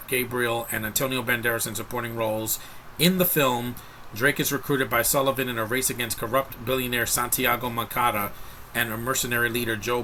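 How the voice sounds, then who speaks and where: Bright-voiced man rambling through a review. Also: medium pitch, a little hiss or hum. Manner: rambling, frank, with frequent restarts and asides to viewers. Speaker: movie reviewer. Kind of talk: casual spoken film review.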